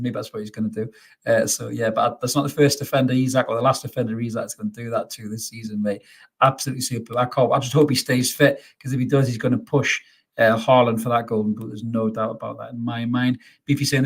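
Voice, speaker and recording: A man's voice: medium pitch, fast talker, husky. A man hosting a live post-match fan stream, reading out viewer comments and chatting back, upbeat and calling everyone mate, often stumbling over repeated words. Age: adult father. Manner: stammers and repeats words when excited. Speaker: fan channel host.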